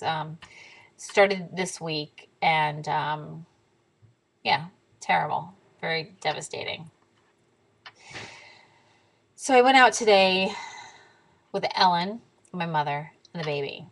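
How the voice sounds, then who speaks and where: A young woman telling a story in a casual vlog to camera, animated and swearing freely, sometimes dropping to a whisper. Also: fairly low pitch, vocal fry, poor audio. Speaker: diet vlogger.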